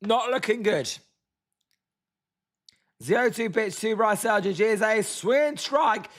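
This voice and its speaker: A hoarse British man hosting a casual baseball watch-along stream, reading chat and grumbling about his team. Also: high-pitched, animated, takes it slowly, a bit bright. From Britain. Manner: chatty, reads chat names, groans at the team. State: hoarse, voice tiring. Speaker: livestream host.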